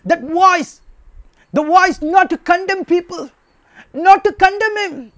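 A man's voice: extremely high pitch, slow pace, a bit bright, no room sound. A man preaching a sermon, emphatic and repetitive, asking rhetorical questions.

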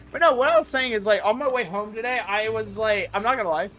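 A woman streamer giving excitable, chatty live gameplay commentary, breaking into mock-outraged rants. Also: fairly high pitch, a little fast, few pauses. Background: game music.

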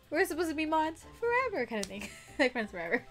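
A young woman chatting casually and giggling on a gaming livestream, excitable and quick to squeal. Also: high voice. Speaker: streamer. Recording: music playing faintly behind.

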